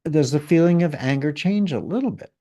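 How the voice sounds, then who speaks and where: A man guiding someone through a feeling exercise in a calm, gently directive coaching way. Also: a little high, brisk. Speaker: guest healer leading an exercise. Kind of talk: guided exercise in conversation.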